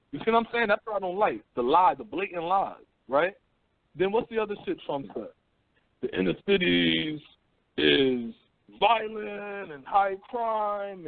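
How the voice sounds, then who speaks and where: Radio host, male, higher voice, heated profane banter, dry tinny phone-line sound. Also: gravelly, no echo. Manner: animated, profane, swings between mocking voices. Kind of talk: casual call-in radio talk.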